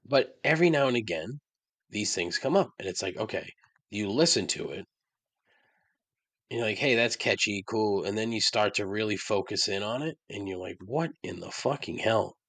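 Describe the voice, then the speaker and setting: A man's voice: lowish voice, normal speed, a bit bright, no room sound. A man hosting his own podcast, ranting about songs he hates with sarcasm and frequent swearing. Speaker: podcast host. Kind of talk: casual monologue.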